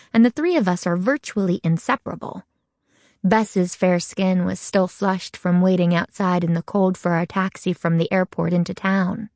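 Expressive woman reading an audiobook. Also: lowish voice, no room sound, studio quality. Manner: expressive, voices characters with lively shifts. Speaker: audiobook narrator. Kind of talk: scripted audiobook narration.

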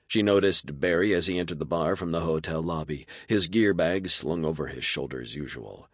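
A man calmly narrating a science fiction story as an audiobook reader. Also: very deep voice, dry recording, clean studio sound.

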